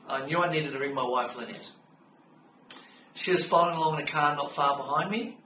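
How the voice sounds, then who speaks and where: A middle-aged Australian man calmly recounting a personal story in an unhurried way, with frequent fillers. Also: mid-range voice. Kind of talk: personal spoken testimony. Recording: roomy sound from a distance with faint background hum.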